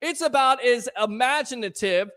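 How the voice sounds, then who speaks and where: Man, sports talk host, high voice, fired-up ranting, sarcastic. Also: normal speed. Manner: fired-up ranting, shouting at times; sarcastic, scolding critics. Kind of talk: live call-in sports talk show.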